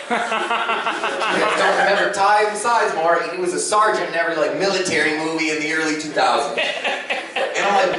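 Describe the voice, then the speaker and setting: A man's voice: high-pitched, normal speed, a crowd in the background. A man doing stand-up comedy at a convention panel, telling loose stories with lots of fillers. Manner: loose storytelling with frequent fillers. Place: convention panel room with audience. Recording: echoey room recorded from far.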